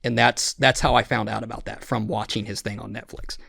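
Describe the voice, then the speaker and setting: A man's voice: lowish voice, flat delivery, a little fast, creaky, bright, forceful tone, dry recording, studio quality. A man hosting a podcast, telling a rambling, profane story with lots of restarts and quoted voices. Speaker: podcast host. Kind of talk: casual storytelling chat.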